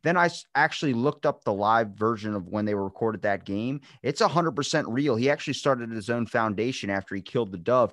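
A man chatting on a podcast, mid-pitched, recorded close and dry with no room sound. He tells stories animatedly, jumping high when he plays other people's lines. The talk is loose, casual and unscripted. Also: fast, no room sound. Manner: animated storyteller, acts out quotes with big pitch jumps. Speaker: podcast host. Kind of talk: casual chat.

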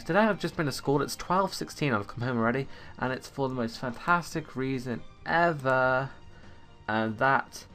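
A teenage boy with a mid-range, fairly bright voice rambles through casual stories while commenting on an online game. He's a gaming YouTuber recording at home on a USB desktop microphone, chatty and meandering as he talks.

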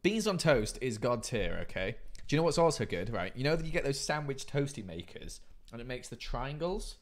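A man in his thirties chats casually with his livestream audience, reading out chat messages playfully. His mid-range voice swings widely in pitch and moves briskly.

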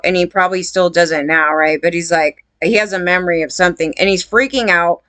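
A woman's voice: on the low side, fairly even intonation, a little fast, hardly any pauses, a bit bright, no echo. A woman talking to her viewers in a rambling, indignant casual monologue, full of fillers. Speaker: vlogger.

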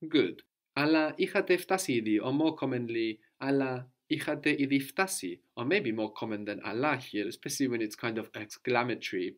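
A man's voice: medium pitch, moderate pace. Patient male language teacher. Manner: patient questioning, repeats student's answers. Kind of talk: guided language lesson.

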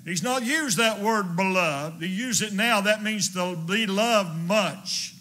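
A male evangelist preaching with fervent conviction, driving his points through repetition. His voice sits high and rings out bright and forceful. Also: slow pace. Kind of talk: sermon.

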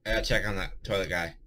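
A man's voice: medium pitch, very noisy. A young man doing let's play commentary, panicky and swearing a lot, with frequent nervous laughter. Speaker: gaming commentator.

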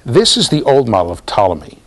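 Lively, jokey man lecturing a class. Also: medium pitch, brisk. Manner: animated, jokey, talks to students directly. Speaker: university lecturer.

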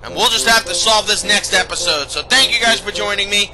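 A man's voice: high voice, a little fast. A man hosting a video game let's play, commenting sarcastically and reading the characters' lines in silly voices. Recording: game music playing behind.

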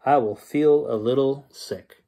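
A man's voice: medium pitch, a little slow, warm tone. A man doing an earnest little boy. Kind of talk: storybook read-aloud.

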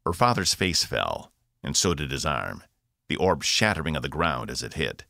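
A man, the author, narrating his own science fiction audiobook with expressive delivery. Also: rumbling low, moderate pace, gravelly, dry recording, clean studio sound. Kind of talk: scripted narration.

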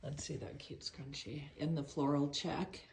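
Low, gravelly woman giving upbeat prompts. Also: flat delivery, a little slow, darkish tone, a little hiss or hum. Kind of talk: casual chat.

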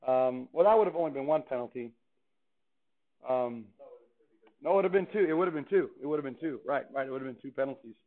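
A man's voice: mid-range voice, fast, long pauses. A man teaching a calculus class in a chatty, playful way, often asking the students questions. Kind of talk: classroom lecture. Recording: tinny phone-like classroom recording.

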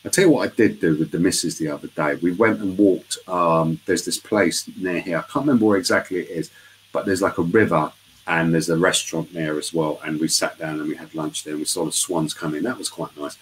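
Man, very low voice, chatty storyteller, casual live interview, video call audio. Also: fairly even intonation, fairly quick, a little hiss or hum, rough recording. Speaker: guest.

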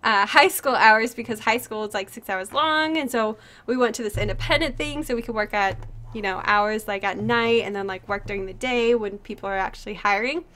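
A woman's voice: medium pitch, fairly quick, bright, forceful tone. A young woman livestreamer telling a story in casual chat, full of fillers and breaking off to answer her viewers.

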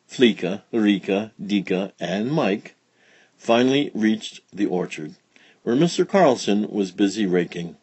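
A man reading a children's picture book aloud in a slow, expressive, gentle storytelling manner. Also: fairly low pitch, slightly rough, no room sound. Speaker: storybook reader.

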